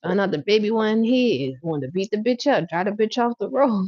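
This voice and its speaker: A woman's voice: medium pitch, lively intonation, fairly quick, few pauses, breathy edge, no room sound, dull audio. Profane, laughing woman tarot reader. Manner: blunt, profane, laughs loudly and acts out scenes. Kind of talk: casual livestream tarot reading.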